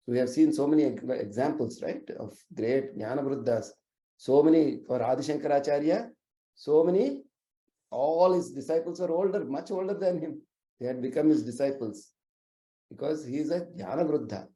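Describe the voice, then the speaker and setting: Mellow-voiced man telling sacred stories. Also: medium pitch, moderate pace. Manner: earnest, explanatory, with frequent uh fillers and restarts. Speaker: storyteller. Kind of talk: religious storytelling lecture. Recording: roomy echoey recording.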